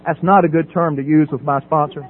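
A middle-aged man with a high voice tells his recovery story from a podium. He acts out the voices in his dialogue and laughs at himself. The sound is tinny and phone-like, with a faint mains hum underneath. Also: steady tone, fairly quick. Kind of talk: personal testimony from a podium. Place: meeting hall at a podium.

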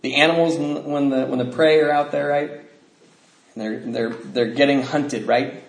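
A man telling his recovery story to an audience as an animated storyteller who laughs as he talks. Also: mid-range voice, moderate pace, gravelly. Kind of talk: personal testimony to an audience. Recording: echoey room with faint noise.

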